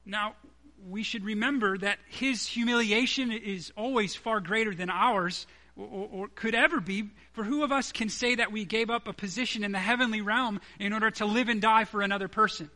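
A man delivers a sermon in a high, bright voice. He speaks earnestly and conversationally, as if talking with his congregation, and leans hard on key words. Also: moderate pace. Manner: earnest, conversational preaching with emphatic stresses. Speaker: preacher.

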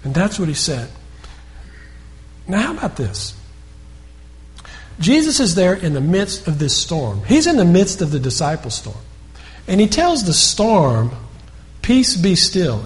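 A man's voice: high-pitched, sing-song, normal speed, long pauses. A man preaching a sermon in a conversational storytelling way, often repeating words and restarting sentences.

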